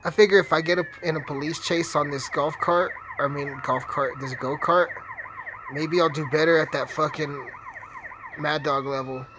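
A man's voice: a little high, steady tone, normal speed, background noise. Profane young man riffing over gameplay. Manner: profane, rambling, trash-talking. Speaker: gaming streamer. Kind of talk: casual gameplay commentary.

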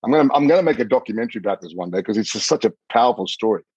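A middle-aged man with a low, husky voice tells a long personal story in vivid detail, often repeating himself as he goes. The recording is dry and a bit muffled. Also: expressive, very fast, darkish tone, dry recording. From Australia. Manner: vivid, repeats words, swears casually. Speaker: podcast guest.

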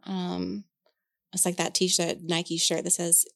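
Candid gravelly-voiced woman in her forties. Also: on the low side, flat delivery, slow, dry recording, clean studio sound. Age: 40s. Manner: candid, frank, swears freely, many fillers. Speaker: podcast co-host. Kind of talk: casual chat.

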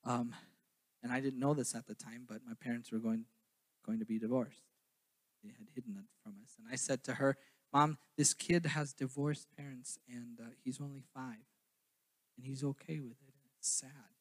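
A young man from southern Minnesota preaching a sermon, then telling his own story in a quieter, halting way. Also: mid-range voice, fairly even intonation. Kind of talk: sermon with personal testimony.

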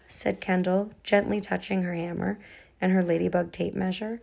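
A woman reading a children's storybook aloud to a child in a gentle, lively way. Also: lowish voice, moderate pace, gravelly.

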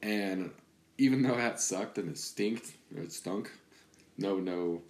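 A man's voice: deep voice, slow pace, darkish tone. A man chatting casually as a podcast co-host, rambling with restarts as he tells jokey family stories. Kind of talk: casual chat. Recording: echoey room.

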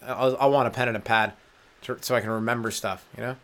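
In a solo comedic rant, a young Canadian stand-up comedian hosting his own podcast runs through crude jokes and laughs at his own lines. He speaks fast with a steady, fairly bright, medium-pitched voice.

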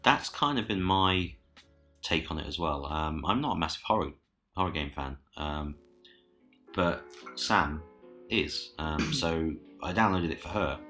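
Man, young adult, casual podcast chat, deep voice, crisp bright tone, hesitant ums. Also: measured pace, faint music behind. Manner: relaxed, hesitant with many ums. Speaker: podcast co-host.

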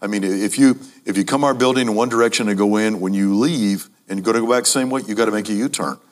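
A man preaching a sermon to a congregation, emphatic, repeating key phrases and speaking to the audience as ladies and gentlemen. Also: fairly low pitch, fast talker.

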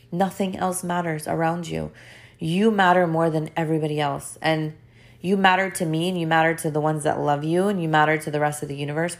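A life coach hosts a motivational podcast monologue in a low, creaky voice. She speaks earnestly and emphatically, frequently repeating her phrases.

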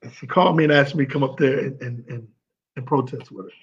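An emotional man from St. Louis pays heartfelt tribute, stumbling over his words and repeating himself. His voice is husky. The recording is dull and lo-fi. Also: mid-range voice, quick pace. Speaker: former pro football player speaking at an event.

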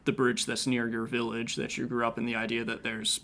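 A man of ordinary pitch talks through an old folk tale on a podcast. He rambles a bit, stopping to say um and restart his sentences, in a loose, chatty way. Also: completely flat delivery, brisk, gravelly, sharp tone, a little hiss or hum. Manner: rambling, many ums and restarts. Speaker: podcast co-host. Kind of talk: casual storytelling chat.

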